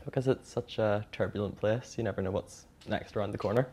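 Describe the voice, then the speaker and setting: A man's voice: on the low side, steady tone, brisk, darkish tone, slightly rough. A man in his twenties from the audience, giving brief, hesitant answers to a speaker. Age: 20s. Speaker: student in the audience.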